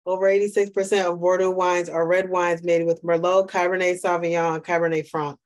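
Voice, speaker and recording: A woman's voice: fairly low pitch, flat delivery, brisk, a little mellow. A woman co-hosting a casual podcast, thinking aloud hesitantly about wine. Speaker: podcast co-host. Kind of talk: casual chat.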